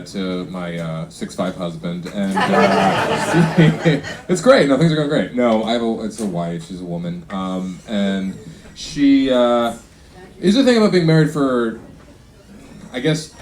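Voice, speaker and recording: A man emceeing a comedy show, talking in a rambling, halting way full of fillers. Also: fairly low pitch. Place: comedy club stage. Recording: echoey live club with crowd noise.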